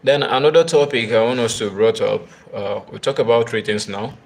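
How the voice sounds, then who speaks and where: Gravelly-voiced man hosting a live stream. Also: medium pitch. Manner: halting, many fillers and repeated words; talks straight to viewers, asks for comments. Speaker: tennis live-stream host. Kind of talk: casual live-stream commentary.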